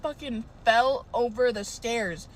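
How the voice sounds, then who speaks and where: A young woman telling a casual storytime anecdote in a profane, animated way. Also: on the high side, slow pace. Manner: profane, animated, swears a lot.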